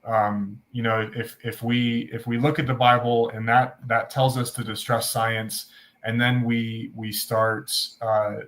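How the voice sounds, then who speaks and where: A man's voice: mid-range voice, little pitch movement, fairly bright tone. Guy on a faith podcast, earnest, keeps restarting his sentences, casual chat. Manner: earnest, halting with many restarts. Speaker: podcast co-host.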